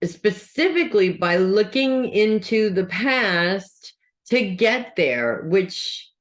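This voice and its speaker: A woman's voice: mid-range voice, very animated, slow. A woman reading weekly horoscopes in a casual, chatty way. She talks straight to her viewers and corrects herself as she goes. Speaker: astrology reader.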